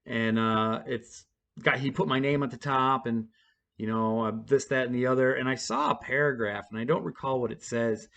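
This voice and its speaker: A man's voice: mid-range voice, normal speed, creaky, fairly bright tone. A man at home telling a personal story to his camera in a rambling, profane, casual way, full of fillers and restarts.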